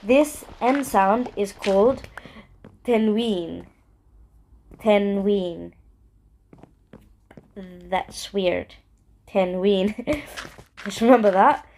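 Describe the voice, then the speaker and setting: A woman's voice: medium pitch, extremely slow, long pauses, warm tone, a little hiss or hum. A woman casually teaching Arabic phrases, chatty, repeating words with exaggerated question intonation. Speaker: language teacher and gaming channel host.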